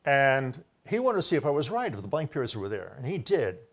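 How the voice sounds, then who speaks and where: Showing book pages to the camera, an older man rambles through his own research, repeatedly correcting himself and claiming he came up with an idea first. His medium-pitched voice swings widely in pitch, and he talks fairly quickly.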